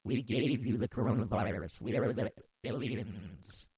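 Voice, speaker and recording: Guy playing an alien from another planet, slow deadpan announcements, raspy, dry sound. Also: medium pitch, no echo.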